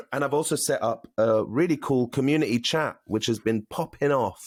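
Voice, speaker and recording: A man's voice: medium pitch, normal speed, no echo, studio quality. A man co-hosting a podcast, chatting casually and reading out plugs and notices. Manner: chatty, reads plugs and notices aloud with fillers. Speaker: podcast co-host. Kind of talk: casual chat.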